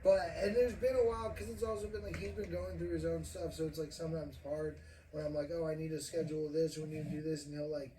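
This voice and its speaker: A man's voice: on the high side, little pitch movement, quick pace, warm tone. Rambling, profane young man hosting a podcast. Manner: rambling, profane, laughs often. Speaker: podcast host. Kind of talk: casual podcast chat. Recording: roomy, distant mic, faint noise.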